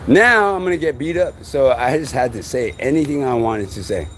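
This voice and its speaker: On a live stream, a man vlogs in a restless, rambling way, swearing a lot and swinging between loud outbursts and quiet mutters. He sounds animated at a normal speed, with a little hiss or hum in the audio.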